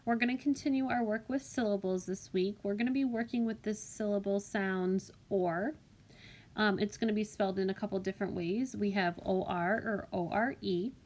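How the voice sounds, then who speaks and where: Gentle woman teaching phonics to kids. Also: medium pitch, normal speed. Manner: gentle, clear teacher talk, clapping out syllables. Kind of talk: recorded phonics lesson for children. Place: voice-over for a whiteboard app. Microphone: tablet microphone.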